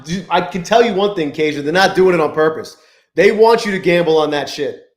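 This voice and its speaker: A man's voice: on the high side, expressive, brisk. A young man hosting a live trading stream, chatting loosely and profanely while he greets viewers from the chat by name. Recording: echoey room.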